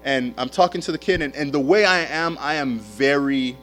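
A man preaching a sermon as a pastor, telling stories in an animated way with casual slang. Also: medium pitch, normal speed, faint music behind.

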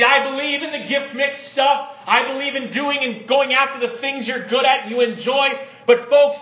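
High-voiced preacher in an echoey room. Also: male voice, highs cut off. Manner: dramatic, varies pitch and loudness, drops low and quiet for emphasis. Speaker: pastor. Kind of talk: sermon with scripture reading.

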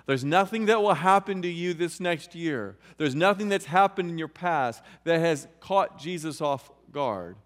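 A man's voice: a little high, expressive, measured pace, few pauses, in a large hall. A male pastor preaching a sermon, reading scripture aloud verse by verse and explaining it.

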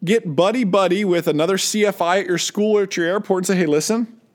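A man with a notably high speaking voice talks to other flight instructors in a loose, conversational way. He mixes advice with stories from his own teaching and briefly mimics the students he quotes. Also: fast talker. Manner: storytelling, acts out quoted students. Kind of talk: casual teaching talk.

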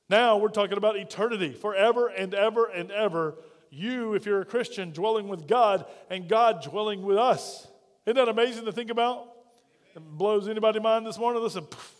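A man's voice: sits high, in a large hall. A middle-aged man, preaching a fervent sermon as pastor and calling out questions to his congregation.

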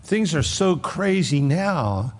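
A pastor with a slightly high voice speaks slowly but very animatedly in a conversational sermon. He acts out the voices of the people he quotes, with a long hall reverb on the recording.

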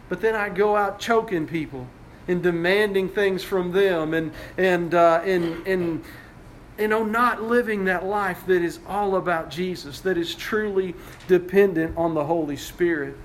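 A man's voice: high voice, unhurried, a little hiss or hum. A male pastor preaching a sermon, retelling a story conversationally with frequent restarts.

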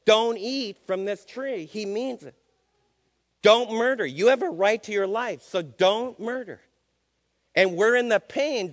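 A man's voice: sits high, big-room sound. An older man preaching a sermon, emphatic and questioning his listeners.

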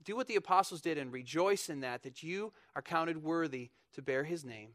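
A young man preaching a lively, joking sermon in church, bursting into loud mock voices. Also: a little high, normal speed. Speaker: pastor.

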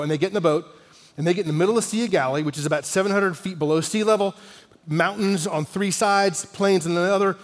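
Higher-voiced pastor preaching in a reverberant hall. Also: male voice, fast. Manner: animated storyteller, drops to a near-whisper for emphasis. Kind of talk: sermon storytelling.

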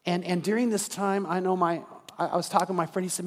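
A man's voice: high voice, fairly even intonation, quick pace. A man preaching a sermon as pastor, telling a story and building to an earnest call to prayer. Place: church sanctuary. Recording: reverberant church hall.

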